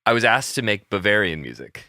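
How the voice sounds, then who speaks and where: Brief: male host, low but sharp, bright voice, lively self-deprecating storyteller. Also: brisk, dry recording, clean studio sound. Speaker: podcast host and composer. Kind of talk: casual conversation.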